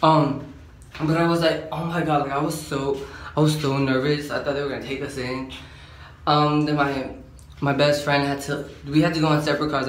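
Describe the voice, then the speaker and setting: Medium in pitch and fairly bright in tone, an eighteen-year-old vlogger's voice carries a rambling storytime chat full of slang and "like." Faint hum and a roomy echo come through in the recording.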